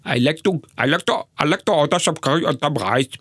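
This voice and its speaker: A man's voice: a little high, fast, fairly bright tone, breathy edge, no echo, pitched above the performer's own voice. A man doing an exaggerated Indian accent over his own German-accented English, in a dry sound booth. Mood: mocking. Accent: Indian, put on over German.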